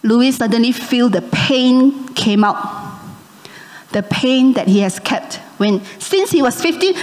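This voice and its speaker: A woman preaching a sermon, telling a story with animated delivery and often checking in with the congregation. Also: high voice, big-room sound. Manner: animated, asks the congregation "okay?" and "amen?".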